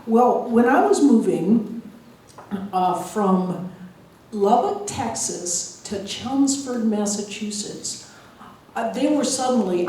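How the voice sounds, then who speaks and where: Uma mulher americana, professora, dando uma palestra pública e contando histórias de forma animada, rindo das próprias piadas. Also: female voice, mid-range voice, recorded from a distance, a little hiss or hum. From United States. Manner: lively storytelling, laughs at own jokes. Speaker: guest lecturer, engineering professor. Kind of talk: public lecture with anecdotes. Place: large lecture hall. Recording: echoey hall, voice from afar.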